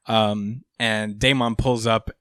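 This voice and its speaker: A man's voice: lowish voice, level tone, slow pace, a bit bright, clear, resonant tone, no echo, studio quality. A man hosting a podcast, casually recapping a comic chapter, swearing freely with lots of fillers. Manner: laid-back, swears freely, many fillers. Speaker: podcast host.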